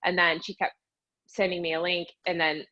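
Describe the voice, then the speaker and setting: On a muffled recording, a young woman from western Pennsylvania speaks at a moderate pace in a lowish voice. She's a fitness coach guesting on a podcast, chattily and animatedly retelling her story in a casual interview while saying "like" constantly.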